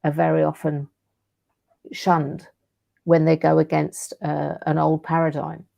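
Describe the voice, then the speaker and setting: A woman's voice: low voice, monotone, a little slow, gravelly, warm tone. A woman, a guest in a casual interview on a video call, talking reflectively with small restarts. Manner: reflective, hesitant, with restarts and fillers.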